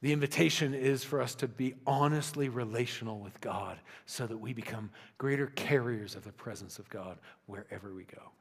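A man preaching a sermon in a conversational style, often dropping to soft, intimate tones. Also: medium pitch, moderate pace, gravelly, few pauses, slightly rough. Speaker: pastor. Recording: long reverb of a large hall.

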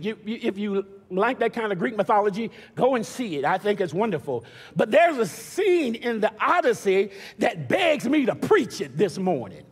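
An older man preaching a sermon as pastor, telling stories with stammered restarts and building to shouted preaching. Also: high voice, husky. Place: church sanctuary. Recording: long church reverb.

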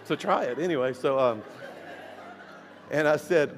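A man's voice: a little high, measured pace, long pauses, slight background noise. A man preaching a storytelling sermon as a guest preacher in a church. He speaks animatedly, fires off rhetorical questions and laughs at his own stories. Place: church sanctuary. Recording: echoey hall with faint music.

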